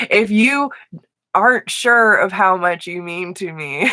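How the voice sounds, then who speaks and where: Woman, live tarot host, unhurried, warm-hearted and emotional, dry close mic. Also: low voice, gravelly, no room sound. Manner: affectionate, slow and emotional, laughs often. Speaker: tarot reader. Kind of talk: live-stream tarot reading.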